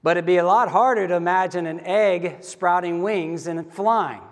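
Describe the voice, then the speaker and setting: A man's voice: sits high, normal speed, long reverb tail. A middle-aged man preaching a sermon as a pastor, in a conversational, candid storytelling manner.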